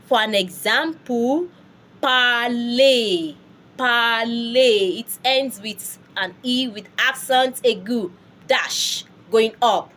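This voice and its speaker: Slow, patient woman teaching French. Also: on the high side, fairly bright tone. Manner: patient, repeats words for learners to echo. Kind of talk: language lesson.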